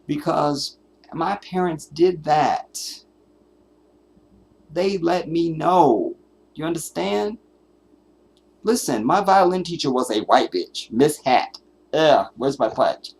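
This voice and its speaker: A man's voice: a little high, expressive, slow pace, gravelly, long pauses, a little mellow, slightly rough. A man hosting a live stream, delivering an emphatic, profane, preachy commentary rant. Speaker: livestream host.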